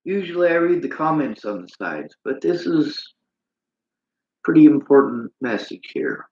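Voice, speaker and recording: A man's voice: a little high, big pitch swings, unhurried, darkish tone. A man hosting a livestream, ranting bitterly in a preachy way and reading out chat comments. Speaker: livestream host. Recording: roomy, dull lo-fi sound.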